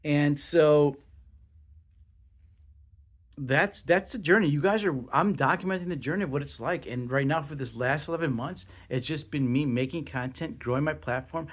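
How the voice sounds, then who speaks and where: A young man hosting his own podcast, talking casually in an excitable, rambling way with lots of swearing and restarts. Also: on the high side, normal speed. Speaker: podcast host. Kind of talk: casual solo podcast monologue.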